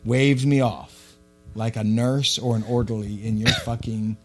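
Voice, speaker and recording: A man, co-hosting a podcast and telling a story in casual chat. He swears freely and gets loud and animated. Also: mid-range voice, measured pace, background noise. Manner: profane, animated storyteller who shouts when quoting himself. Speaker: podcast co-host.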